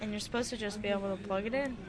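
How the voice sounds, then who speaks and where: A woman's voice: mid-range voice, steady tone, rapid-fire. A woman co-hosting a podcast in casual chat, teasing and laughing as she bickers. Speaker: podcast co-host. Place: busy indoor public space with dogs. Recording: crowd chatter behind. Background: crowd murmur.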